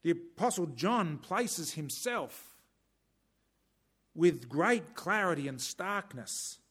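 A man preaching a sermon in a measured, emphatic way, breaking off now and then for dry humorous asides. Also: a little high, expressive, a bit bright, husky.

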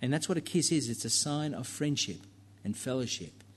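A man's voice: mid-range voice, lively intonation, normal speed, slightly rough. A man preaching a sermon in a church, talking conversationally with fillers and asides to the congregation.

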